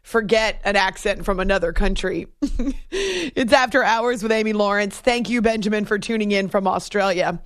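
A woman's voice: medium pitch, moderate pace, no echo. Female radio host from New Hampshire, casual and chatty, laughs easily, dry studio sound. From New Hampshire, USA. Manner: chatty, laughs often, reads listener messages. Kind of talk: casual late-night radio chat.

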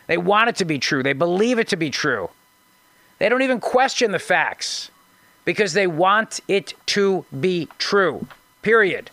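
Male radio host, fairly high voice, dry booth sound, sarcastic commentary with frequent restarts. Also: expressive, a little slow, pushed and bright, dry recording. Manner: sarcastic, mocking, restarts often. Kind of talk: conservative talk radio commentary.

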